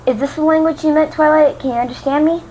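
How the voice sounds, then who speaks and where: A timid young pegasus mare with a squeaky, pleading voice that sits well above an ordinary woman's talk, as a woman reader puts her on. She speaks gently, asking rather than telling, with a faint hiss of background noise. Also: fairly even intonation, fast, close to an everyday voice, poor audio. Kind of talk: fan reading with voiced characters.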